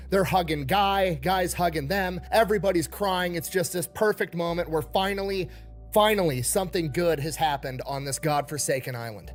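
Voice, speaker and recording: Man telling a war story casually. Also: sits high. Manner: blunt, profane retelling with quoted dialogue. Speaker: storyteller in a played video.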